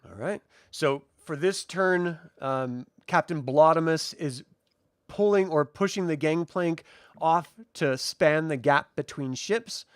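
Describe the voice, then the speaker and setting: A man's voice: fairly high pitch, slow pace, clear, resonant tone, dry recording, studio quality. A man running a tabletop game as game master, explaining rules patiently and laughing easily.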